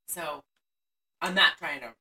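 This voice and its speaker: Co-host: woman, low and bright, swears freely and stays sarcastic, heard from a distance off mic. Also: takes it slowly. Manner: profane, sarcastic storytelling. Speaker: podcast co-host. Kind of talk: casual movie recap chat.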